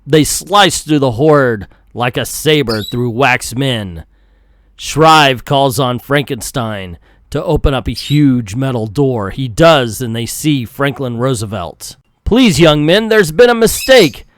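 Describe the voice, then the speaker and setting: A man's voice: mid-range voice, takes it slowly, a bit bright. A man reading through and reviewing an old comic book in a jokey, casual way.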